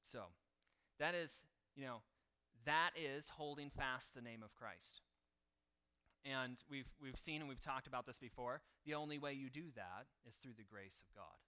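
Bright-voiced man preaching. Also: medium pitch, measured pace, clear, resonant tone. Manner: conversational preaching, reading a martyr account aloud. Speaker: pastor. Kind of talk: sermon.

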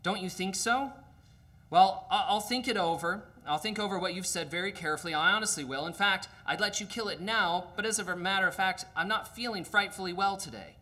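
Man doing a high, bright, whining ghost, cowardly and flustered. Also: brisk. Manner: nervous, flustered excuses. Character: frightened evasive male ghost, pleading and whining.

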